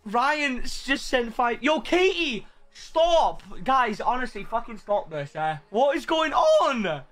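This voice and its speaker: High-voiced overwhelmed streamer. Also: male voice, very animated, slow pace, fairly bright tone, faint music behind. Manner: overwhelmed, swearing, thanking viewers. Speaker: livestream host. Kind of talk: live stream chat.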